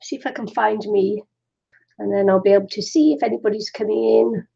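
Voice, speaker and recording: Chatty woman, middle-aged, craft stream host, gravelly, muffled lo-fi sound. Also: medium pitch, a little fast, mellow. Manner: chatty, laughs often, talks to herself. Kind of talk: chatty live stream while waiting for viewers. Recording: dull lo-fi live stream audio.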